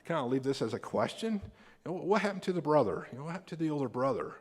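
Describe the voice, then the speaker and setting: An American man preaching a sermon as a pastor, animated and acting out the people in the story with big jumps in voice. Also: fast, slightly rough. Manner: animated, acts out quoted characters with big pitch jumps. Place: church sanctuary. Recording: long hall reverb.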